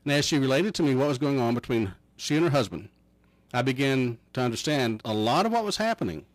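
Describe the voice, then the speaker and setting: A man's voice: medium pitch, sing-song, fast talker, no echo, rough recording. Folksy middle-aged male counselor. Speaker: counselor guest. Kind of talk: casual chat.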